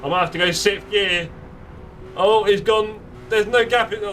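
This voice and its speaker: A man's voice: sits high, moderate pace, sharp tone, recorded from a distance, slight background noise. A man chatting playfully with friends while live-streaming a sim racing game. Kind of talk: live gameplay chat. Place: home sim racing setup.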